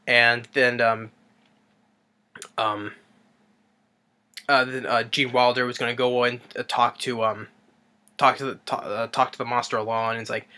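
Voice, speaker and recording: A man's voice: mid-range voice, level tone, a little slow, pauses often, bright, forceful tone. A man casually recapping a movie in a rambling way, with lots of ums and restarts. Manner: rambling, with many fillers and restarts. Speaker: movie reviewer.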